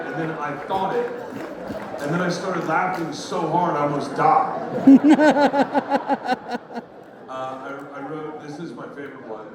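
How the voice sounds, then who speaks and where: A man's voice: fairly high pitch, recorded from a distance, noisy background. A male stand-up comedian telling stories on stage, rambling and profane, often laughing at his own jokes. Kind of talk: stand-up storytelling. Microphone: handheld stage mic heard from a distant recorder. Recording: very echoey room taped from afar, loud crowd ambience.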